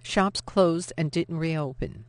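Brief: measured novel narrator, mid pitch, dry studio read. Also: dry recording. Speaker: audiobook narrator.

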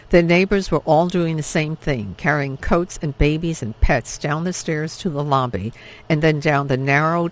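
Gravelly man reading an audiobook. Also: a little high, a bit bright, low-quality recording. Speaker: audiobook narrator. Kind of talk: scripted audiobook narration.

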